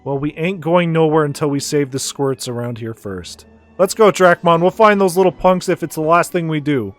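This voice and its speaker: A man voicing a hotheaded tough teenage boy in a video game, gruff and slangy. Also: on the high side, soft background music, close to an everyday voice. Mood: fired up. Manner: gruff, slangy, quick to anger.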